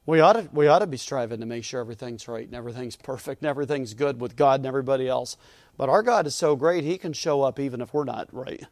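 A man's voice: mid-range voice, fast, a little mellow, no room sound. A man pastor preaching a sermon in a church, earnest and emphatic, often repeating his phrases.

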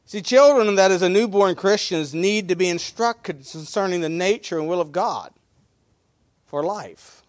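A man preaching a sermon as pastor, folksy, swinging between loud emphasis and quiet asides. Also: high voice, unhurried, dry recording.

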